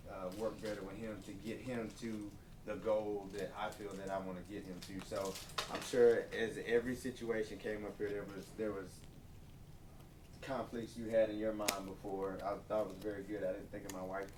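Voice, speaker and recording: A lower-voiced man shares quick, earnest feedback as a workshop participant. He is heard from a distance in a reverberant room, with steady background noise. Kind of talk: reflective group feedback.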